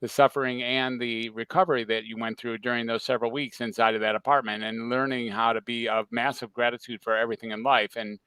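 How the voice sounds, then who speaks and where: A man hosting a podcast, responding to his guest in an appreciative, measured way. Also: medium pitch, level tone, pushed and bright, clear, resonant tone, no echo, poor audio. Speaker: podcast host. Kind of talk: interview talk.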